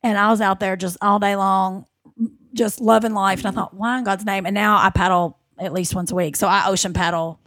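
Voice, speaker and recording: A woman's voice: mid-range voice, fairly quick, no room sound. Lady comic, swears a lot, does little voices, dry close sound. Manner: animated storytelling with put-on voices; salty, swears freely. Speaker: comedian guest. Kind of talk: casual podcast chat.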